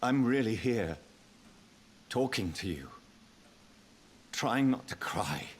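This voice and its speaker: A man's voice: mid-range voice, expressive, takes it slowly, a little hiss or hum. An actor voicing a grieving young man who is a vampire, solemn and restrained, in video game dialogue. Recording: game audio with very loud music behind.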